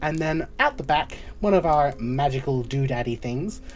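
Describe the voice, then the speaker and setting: A woman's voice: deep voice, lively intonation, moderate pace, darkish tone, faint music behind. A woman voicing a chatty, fussing female guild receptionist who calls everyone doll and sweetie. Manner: fussy and doting, calls people doll, sweetie and babe.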